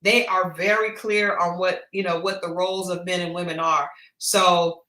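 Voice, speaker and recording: A woman's voice: on the low side, moderate pace, roomy sound. A woman co-hosting a livestreamed chat show, giving blunt, gossipy commentary on a reality dating series. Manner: blunt, gossipy, animated retelling. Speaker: podcast co-host. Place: home studio for a livestream.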